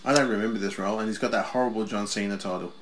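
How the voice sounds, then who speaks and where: A man's voice: fairly low pitch, fairly even intonation, racing. A man co-hosting a casual wrestling watch-along, reacting in short quips and banter. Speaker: podcast co-host. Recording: wrestling crowd noise loud behind.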